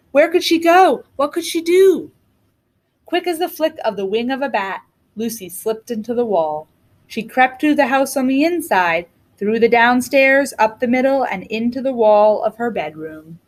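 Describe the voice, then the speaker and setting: A woman reading a children's storybook aloud with an expressive, lilting delivery. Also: medium pitch. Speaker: reader.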